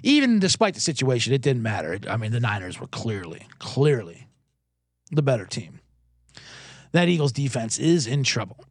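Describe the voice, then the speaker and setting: A man's voice: mid-range voice, sing-song, normal speed, breathy edge, dry recording, clean studio sound. A man hosting a comedic sports podcast, talking in a profane, rambling, self-deprecating way. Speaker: podcast host.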